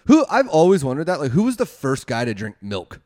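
A man's voice: fairly high pitch, huge pitch swings, fairly quick, a little mellow. A young man casually telling a wild story, rambling, swearing a lot and laughing often.

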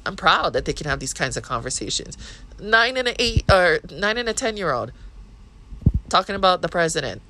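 A woman's voice: lowish voice, big pitch swings, brisk, bright, forceful tone, slight background noise, low-quality recording. Blunt, profane woman with a Hawaiian Pidgin accent. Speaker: podcast host. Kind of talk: casual monologue.

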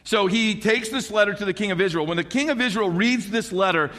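A man preaching a sermon in an animated, conversational way, with frequent rhetorical questions to the congregation. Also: sits high, fairly quick, big-room sound.

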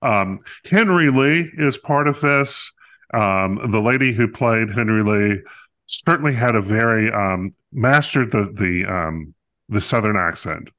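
A man's voice: on the low side, a little slow, sharp tone. A man co-hosting a podcast, reviewing a musical in casual chat, talkative and playful with many fillers.

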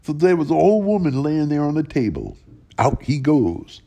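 A man telling an old ghost folk tale in a plain, unhurried folksy way, with lively rises in his voice. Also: on the high side, creaky, slight background noise. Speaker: storyteller.

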